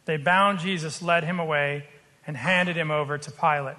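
A man preaching a sermon, earnest and explanatory, slowing down to stress his points. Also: fairly high pitch, steady tone, pushed and bright, long reverb tail. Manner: earnest, explanatory, slows for emphasis.

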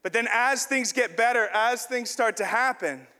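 A man's voice: extremely high pitch, normal speed, bright, forceful tone, in a large hall. A man preaching a sermon in a church, playfully acting out an illustration with a volunteer on stage. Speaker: pastor. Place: church hall.

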